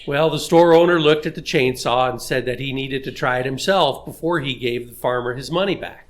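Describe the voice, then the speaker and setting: A man's voice: medium pitch, fairly quick. A man on a casual podcast telling a story joke and acting out the characters' lines. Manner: storytelling, acts out dialogue. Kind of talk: casual chat.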